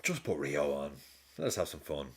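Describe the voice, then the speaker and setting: A man's voice: extremely low pitch, very animated, moderate pace. A man with a casual, rambling manner, chatting and laughing often as he hosts a live football watch-along stream.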